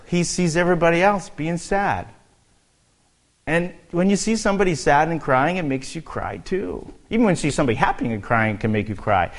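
A man teaching a Bible passage verse by verse, reading the text and then explaining it in a relaxed, conversational way with asides and fillers. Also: medium pitch. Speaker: preacher.

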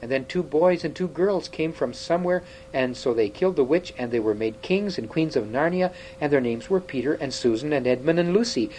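A man reading aloud, voicing an eager, timid boy prince who babbles quickly in a raised voice. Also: on the high side, lively intonation, a little mellow, a little hiss or hum, close to an everyday voice, low-quality recording. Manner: eager babbling, then faltering.

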